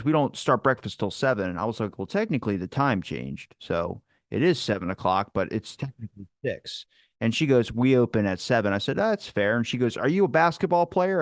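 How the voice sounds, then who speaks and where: A man telling a long story in casual chat, animated, swearing and acting out what people said. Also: medium pitch, no room sound, studio quality. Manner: animated, swearing, acts out quotes. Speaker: podcast guest.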